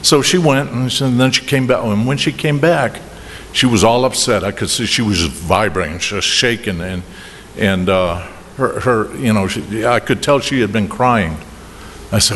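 A middle-aged man with a Boston accent tells a meandering personal story about his drinking at a recovery meeting, halting and restarting with chuckles. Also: fairly low pitch, fairly bright tone. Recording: reverberant hall with faint noise.

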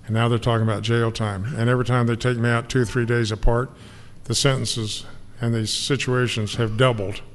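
An older man giving an earnest, emotional personal testimony about his recovery to an audience. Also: medium pitch. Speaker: speaker sharing recovery story. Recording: long hall reverb, faint noise.

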